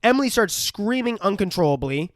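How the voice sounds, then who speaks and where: A man's voice: high-pitched, sing-song, a little fast, no room sound, studio quality. A man co-hosting a podcast, casually and profanely retelling movie scenes in a film review chat. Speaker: podcast co-host.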